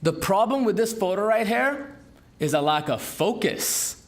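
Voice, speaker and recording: A man giving a business talk to an audience, with an emphatic, lively delivery and rhetorical questions. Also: high voice, a little slow. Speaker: entrepreneur speaker. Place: conference room.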